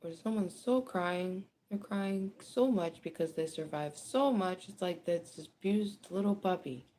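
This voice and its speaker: A woman giving a casual tarot reading, chatty and animated, with frequent laughter and swearing. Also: on the low side, measured pace. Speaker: tarot reader. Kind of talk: casual spoken card reading.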